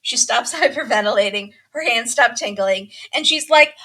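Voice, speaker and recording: A woman hosting a podcast, chatting casually and telling a story with lively acted-out quotes. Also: fairly high pitch, moderate pace. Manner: animated storytelling, acts out quotes. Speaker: podcast host. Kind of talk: casual chat, recapping a reality show.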